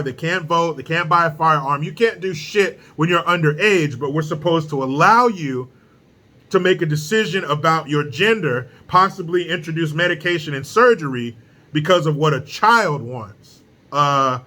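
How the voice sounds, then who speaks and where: Blunt, profane male commentator with a forceful voice. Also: a little high. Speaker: political commentary host. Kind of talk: casual opinion commentary.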